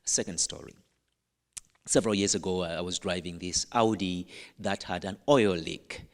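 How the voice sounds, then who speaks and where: A Catholic priest with an African accent, preaching a sermon as a playful, humorous storyteller with dramatic pauses. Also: male voice, deep voice, big-room sound.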